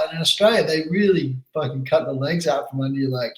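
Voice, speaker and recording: Brief: energetic American man, guest CEO, high-ish voice, roomy echo. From United States. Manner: energetic, fiery, fast-talking. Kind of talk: casual podcast chat.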